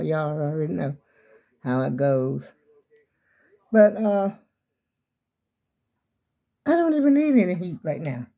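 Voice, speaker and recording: Older lady rambling to her viewers from the kitchen, bit out of breath, soft mellow voice. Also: medium pitch. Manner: chatty, meandering, talks straight to viewers. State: slightly out of breath. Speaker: vlogger. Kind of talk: casual rambling vlog chat. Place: home kitchen, indoors.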